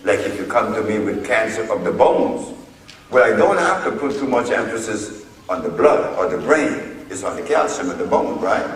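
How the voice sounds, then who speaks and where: A man giving a lecture as a herbal healer, telling the story of a court case with emphatic, drawn-out delivery. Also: on the low side, lively intonation. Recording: echoey hall from far off, faint noise.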